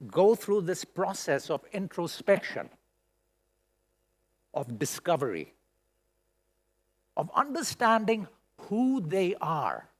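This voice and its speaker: A middle-aged man giving a conference keynote speech in a large hall, expressive and emotional, with many rhetorical questions. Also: high voice. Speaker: keynote speaker. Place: large hall at a school event.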